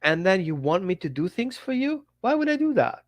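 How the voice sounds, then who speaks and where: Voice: medium pitch, big pitch swings, fairly quick, no room sound, close to an everyday voice. A dog trainer voicing a resentful pet dog that talks back to its owner with sarcastic questions. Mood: indignant. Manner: indignant, sarcastic rhetorical questions.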